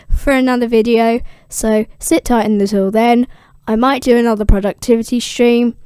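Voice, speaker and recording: A young woman breezily retelling an ancient epic in slang, with a bit of swearing. Her voice is a touch high and smooth, and the sound is close and dry. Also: a little slow, a little mellow, dry recording. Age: young adult. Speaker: classics explainer. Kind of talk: casual video explainer.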